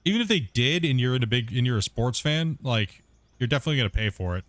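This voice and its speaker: A man's voice: mid-range voice, expressive, fast, a bit bright, dry recording. A man streaming a game, chatting casually in a rambling, blunt way and swearing when annoyed. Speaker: gaming streamer. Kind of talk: casual chat.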